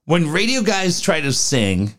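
A man's voice: fairly high pitch, measured pace. A man co-hosting a sports radio show, chatting casually, telling stories with lots of swearing and acted-out quotes. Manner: animated storyteller, swears freely, acts out quoted voices.

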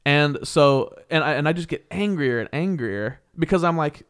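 A young man casually telling a story, animated and heated, laughing often and swearing. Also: on the high side, normal speed, hardly any pauses, clear, resonant tone. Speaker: podcast co-host.

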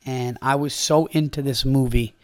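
A man's voice: mid-range voice, fairly even intonation, normal speed, no echo, clean studio sound. A man from upstate New York hosting a comedy podcast in casual chat, rambling and profane, with lots of fillers.

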